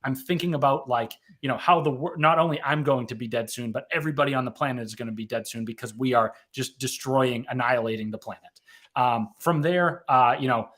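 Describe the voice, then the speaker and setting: A man's voice: medium pitch, a little fast, fairly bright tone. A man in his thirties, an author and mental health advocate, telling his story in a casual interview, rambling and correcting himself with frequent "right?" tags.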